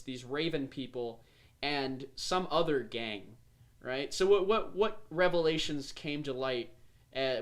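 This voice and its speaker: A man's voice: on the high side, a bit bright. A man hosting a podcast, animatedly recapping the tabletop game he ran, swearing freely. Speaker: game master and podcast host.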